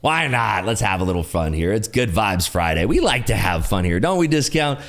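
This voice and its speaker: A man's voice: fairly low pitch, very animated, normal speed, fairly bright tone. A man hosting a casual livestream from his garage, joking, laughing often and repeating catchphrases. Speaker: livestream host. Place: home garage.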